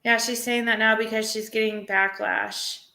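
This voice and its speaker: A woman's voice: a little high, flat delivery, moderate pace, vocal fry, sharp tone. A woman chatting casually on a live stream, rambling and emotional, often breaking into laughter. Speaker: livestreamer. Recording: roomy echo.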